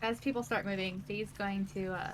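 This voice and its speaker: A woman's voice: medium pitch, fairly even intonation, moderate pace, fairly bright tone. A woman playing a tabletop game, chatty and hesitant, often giggling. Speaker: player. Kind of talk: casual tabletop play.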